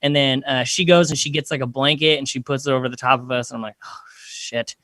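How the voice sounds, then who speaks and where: A man's voice: medium pitch, fairly even intonation, fast, fairly bright tone, dry recording, studio quality. Rambling young man telling a story. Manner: rambling, self-deprecating, lots of fillers. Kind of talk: casual storytelling.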